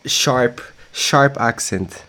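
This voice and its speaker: A man's voice: mid-range voice, very slow, sharp tone. A man hosting a podcast, chatting in a friendly way and laughing easily. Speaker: podcast host. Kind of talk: casual podcast interview. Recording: faint music and machine hum.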